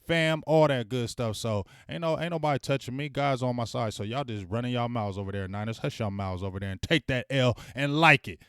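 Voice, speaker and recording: Smooth-voiced man ranting to his chat. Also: mid-range voice, a little fast, few pauses, dry recording, studio quality. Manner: blunt, profane, heckling; shouts out viewers by name. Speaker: sports fan channel host. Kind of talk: casual fan rant to live chat.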